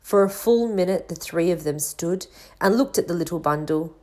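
A woman narrating a storybook in a measured, expressive reading. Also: on the low side. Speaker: audiobook reader.

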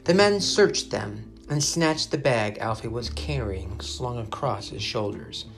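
A man reading a children's adventure chapter aloud, expressive and dramatic. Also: medium pitch, unhurried, faint music behind. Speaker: narrator. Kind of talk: storybook reading.

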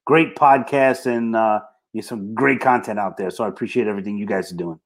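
A man's voice: on the low side, brisk. A man with a Brooklyn accent, speaking as a franchise consultant guest in a casual interview, plain-spoken and easygoing.

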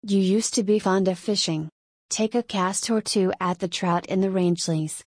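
A woman reading the lines of a gentle, probing male friend in an audiobook, in a coaxing manner. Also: medium pitch, fairly even intonation, moderate pace, dry recording, studio quality, close to an everyday voice.

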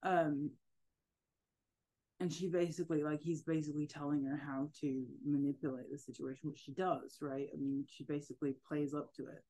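Higher-voiced man in casual book chat. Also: level tone, moderate pace, dark tone, poor audio. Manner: easygoing, agreeing often. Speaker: podcast co-host.

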